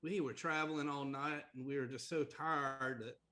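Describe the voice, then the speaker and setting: A man's voice: medium pitch, steady tone, moderate pace, sharp tone. A man playing a tabletop game on a livestream, laid-back and a little hesitant. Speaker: player.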